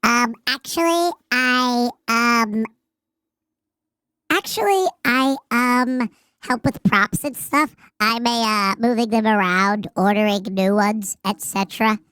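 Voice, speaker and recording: A timid, high-pitched stagehand, as a woman puts him on through a voice changer, stumbling over every filler. The delivery is slow and smooth, with a dry, close sound. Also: a bit bright, dry recording. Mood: hesitant. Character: shy high-voiced young stagehand, unsure. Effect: pitch-raising voice changer. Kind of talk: voice-acting a video game.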